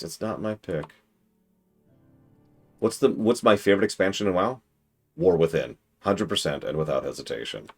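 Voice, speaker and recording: Deep-voiced, animated male streamer. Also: breathy edge. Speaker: streamer host. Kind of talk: casual commentary stream.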